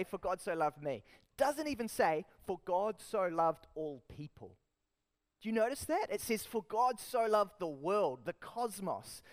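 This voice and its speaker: A man with a New Zealand accent preaching a sermon, lively and emphatic, putting rhetorical questions to the congregation. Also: sits high. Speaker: pastor.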